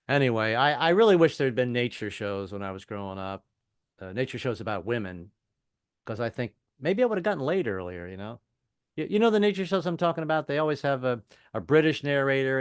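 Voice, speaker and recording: A middle-aged man performs a stand-up set over a video call. His voice is smooth and resonant, and it is dry and close to the mic. He tells stories and drops into quick voices of the people in them. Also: mid-range voice, sing-song, no echo. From American South. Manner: storytelling, doing quick voices of family members. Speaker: stand-up comedian.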